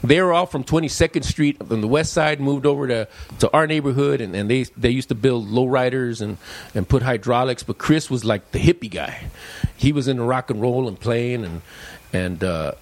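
A man in his sixties from Los Angeles, telling long personal stories in casual podcast chat. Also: moderate pace. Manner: animated, acts out quotes with big pitch jumps. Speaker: podcast guest, exterminator and comedian. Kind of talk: casual storytelling.

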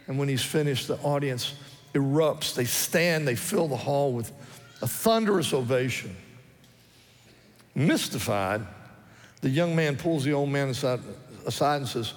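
A man's voice: mid-range voice, animated, unhurried, long pauses. Earnest male pastor preaching in a reverberant church. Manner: earnest preaching, repeating key phrases for emphasis. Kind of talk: sermon. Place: church sanctuary. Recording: long reverb of a church hall.

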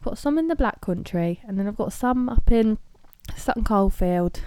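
A woman's voice: medium pitch, expressive, moderate pace, mellow, clean tone, no room sound. A young woman from Birmingham with a Brummie accent, co-hosting a casual chat podcast, teasing and bickering and swearing freely. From Birmingham, England. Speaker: podcast co-host. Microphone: handheld mic.

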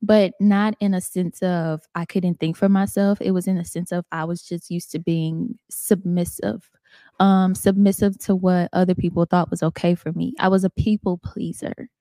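A woman's voice: on the low side, little pitch movement, normal speed, mellow, no echo. A woman in her twenties hosting a solo podcast, talking candidly and emotionally about faith and growth in casual chat. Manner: candid, faith-filled, emotional, conversational with "y'all" and "like". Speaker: podcast host. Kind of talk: solo reflective podcast talk.

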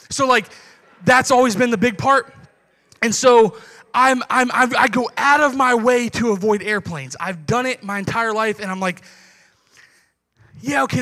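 A pastor telling a personal story in a sermon, acting out the conversations he recalls with lively, animated delivery. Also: high voice, in a large hall.

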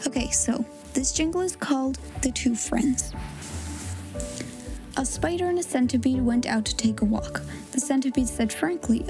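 A woman host reading a children's story aloud, with expressive, gently acted dialogue. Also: sits high, normal speed, music in the background, low-quality recording.

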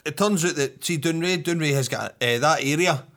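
A man's voice: a little high, a little fast, fairly bright tone. A Scottish man in casual podcast chat, telling rambling, sweary stories. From Scotland. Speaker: podcast co-host.

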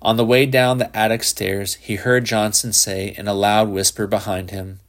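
A man reading a literary short story aloud in a measured, even narration. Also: on the low side, creaky. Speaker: audiobook narrator.

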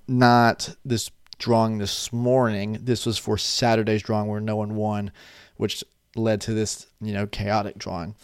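A young vlogger sits at his desk in his room, chatting casually into a webcam setup, rambling and swearing with laughing asides. His lowish voice is a little mellow, clear and resonant, with no room sound and clean studio quality.

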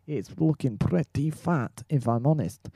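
A man's voice: mid-range voice, lively intonation, measured pace, mellow, husky, dry recording, studio quality. A man voicing a bumbling male news reporter in the field, rambling in a mock-newsreader way for an improvised comedy sketch. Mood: mock-serious.

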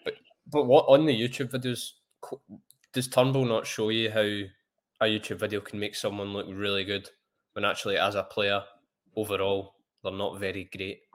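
A man co-hosting a football podcast, weighing points in a measured way. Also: on the low side, little pitch movement. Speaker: podcast co-host. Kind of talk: casual football chat.

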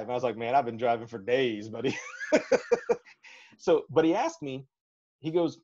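A man from Alabama, a track and field coach, telling animated, folksy stories in a podcast interview and acting out the lines he quotes. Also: mid-range voice, normal speed, pauses often. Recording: slightly dull lo-fi audio.

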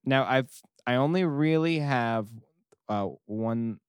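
A man's voice: mid-range voice, slow, clean tone, dry recording. A man co-hosting a casual chat, hesitant, with many fillers, laughing easily.

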